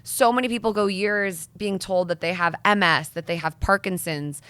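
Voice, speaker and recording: A young woman talks in an earnest, articulate way, making her case as an interview guest. Her voice sits a little low for a woman. The sound is dry and close, with no room echo. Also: steady tone, normal speed, a bit bright, clear, resonant tone. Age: young adult. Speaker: guest, nonprofit founder. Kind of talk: sit-down interview conversation.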